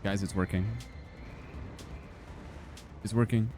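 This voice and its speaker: A man's voice: on the low side, fairly even intonation, slow pace, noisy background. A young man casually commenting on his gameplay as he chats with viewers, joking and swearing freely. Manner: joking, profane, chatting with viewers. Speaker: streamer.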